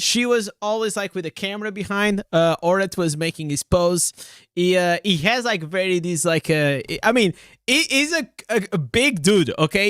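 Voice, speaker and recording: A man's voice: high voice, fairly bright tone, clean tone, dry recording, studio quality. A man streaming games live and reacting to a trailer, hyped and rambling, with lots of slang and filler words. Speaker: game streamer.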